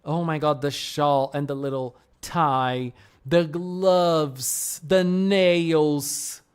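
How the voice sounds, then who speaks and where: A woman's voice: deep voice, fairly even intonation, extremely slow, a little mellow, clear, resonant tone. A woman streamer chatting casually on a live stream, gushing effusively with frequent exclamations, laughs and gasps. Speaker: streamer reviewing fan art.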